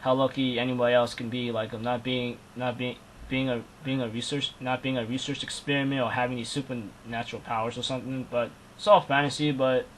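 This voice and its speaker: A man's voice: medium pitch, flat delivery, a little fast, a little hiss or hum, rough recording. A man talking through an anime review in a loose, unscripted way. He rambles and restarts, with constant fillers and casual slang.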